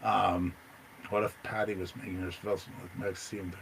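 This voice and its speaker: Excitable storytelling man, faint hiss. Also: moderate pace, gravelly, poor audio. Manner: excited, rambling, jumps into loud high quoted voices. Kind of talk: casual storytelling.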